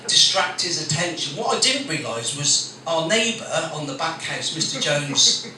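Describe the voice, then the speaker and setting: A man's voice: fairly high pitch, very animated, normal speed, bright, forceful tone. Stand-up compere, man, crude and chatty, recorded far away in a noisy room. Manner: blunt, crude, chatty storytelling with swearing. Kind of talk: stand-up comedy set. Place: small coffee shop venue with live audience. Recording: very echoey room recorded from a distance with background noise.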